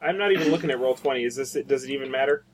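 A man's voice: mid-range voice, rapid-fire, a little hiss or hum. A man playing a tabletop role-playing game, chatting casually and laughing often. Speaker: player.

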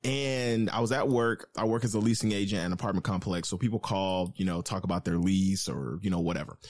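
A man telling a story in casual chat, animated and profane, speaking into an online call mic. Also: deep voice, a little fast.

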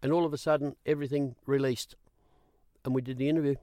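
A man with an Australian accent tells stories from his years on the racetrack as an interview guest. He keeps the tale moving with repeated "I said" and lively retold dialogue. His voice sits in a middle pitch and sounds dry and close. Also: fast, no echo. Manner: animated, repeats "I said" while retelling. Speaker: guest, former racing interviewer. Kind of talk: storytelling in an interview.

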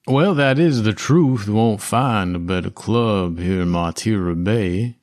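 A man's voice: lowish voice, darkish tone, no room sound, clean studio sound. A man doing a drawling cowboy businessman. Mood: easygoing. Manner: slow, drawling, folksy. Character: slow-striding cowboy-hatted man, smooth talker.

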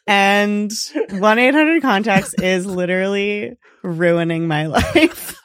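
A woman co-hosting a podcast in casual chat, laughing often and telling deadpan jokes. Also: mid-range voice, no echo, clean studio sound. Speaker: podcast co-host.

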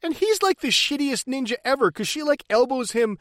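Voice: sits high, expressive, fairly quick, no room sound. Swears a ton, laughs a lot, voice swings up and down, dry close sound. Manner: profane, laughing, acts out characters. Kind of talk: casual movie recap chat.

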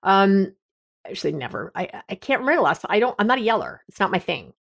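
A woman's voice: medium pitch, sing-song, fast, gravelly. A middle-aged woman, a therapist hosting an advice podcast, talking candidly in a conversational, self-deprecating way.

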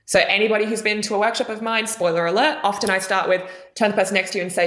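A young adult woman speaking as a guest coach in a podcast interview, animated and expressive, shifting her pitch for emphasis. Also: very fast.

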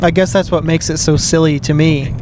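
A man with a high voice co-hosting a podcast from inside a car. He banters casually, doubting and teasing his partner. Road and car noise is clearly heard behind him. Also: fairly even intonation, fairly quick. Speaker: podcast co-host. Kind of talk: casual chat.

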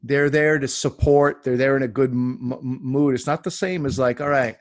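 A man in his forties from Canada, a comedian guest telling stories in a casual, animated way and acting out the voices. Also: mid-range voice, moderate pace, dry recording. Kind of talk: casual storytelling.

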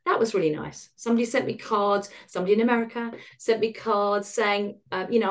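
A middle-aged woman, a podcast guest, speaking candidly in a wry, animated way and acting out the voices she quotes. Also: mid-range voice, a little fast. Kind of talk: candid conversational storytelling.

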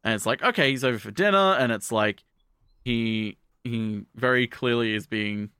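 A man's voice: mid-range voice, moderate pace, sharp tone, smooth, dry recording, clean studio sound. A man co-hosting a podcast, retelling an anime episode in a rambling, profane, casual way. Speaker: podcast co-host.

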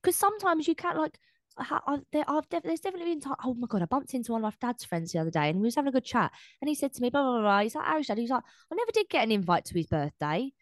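A woman co-hosting a podcast in casual chat, animated, swearing freely and acting out what people say. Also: high-pitched, rapid-fire, no room sound. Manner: animated, swears, acts out quoted speech. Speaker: podcast co-host.

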